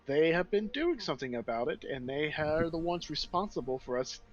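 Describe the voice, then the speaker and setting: A man's voice: fairly high pitch, lively intonation, normal speed, dull audio, faint music behind. A man voicing a stern young princess in a tabletop game, firm and formal.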